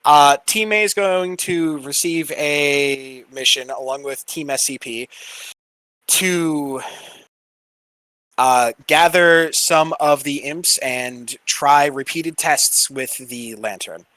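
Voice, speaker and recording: Brief: male player, slow and hesitant, bright voice, dry sound. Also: fairly high pitch, no room sound, low-quality recording. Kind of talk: tabletop game play.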